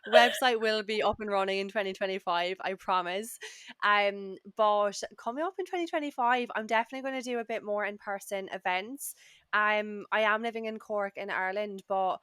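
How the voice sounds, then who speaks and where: An upbeat, encouraging woman coach talks as a guest on a casual podcast. Her voice has a mid pitch and a dry, close sound. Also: moderate pace, a bit bright, clear, resonant tone, no echo.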